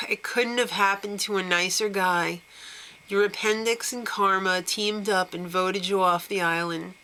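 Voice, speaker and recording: A woman's voice: mid-range voice, steady tone, measured pace, bright, forceful tone, poor audio. A woman hosting a casual reality-TV recap, talking in a gossipy, snarky way and giggling often. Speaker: show recap host.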